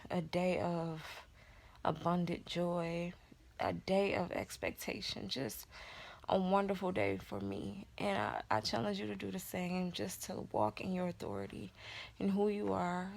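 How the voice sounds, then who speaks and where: A pregnant woman talks straight to her viewers in a casual vlog, her speaking voice sitting a little low. A gravelly vocal fry runs through her words. She slips into an encouraging, preacherly way of talking about faith. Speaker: vlogger.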